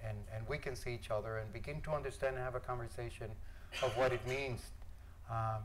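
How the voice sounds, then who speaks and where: Halting man giving an art talk. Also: medium pitch, fairly even intonation, noisy background. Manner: halting, musing, many fillers. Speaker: visiting artist giving a lecture. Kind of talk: informal art lecture.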